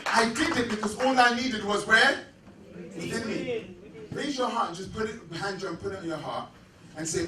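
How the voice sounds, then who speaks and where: A middle-aged man giving a rousing motivational speech and shouting calls out to the crowd. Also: high voice, heavy background noise. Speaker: motivational speaker. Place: large hall with an audience. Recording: echoey hall from far off, with music and crowd.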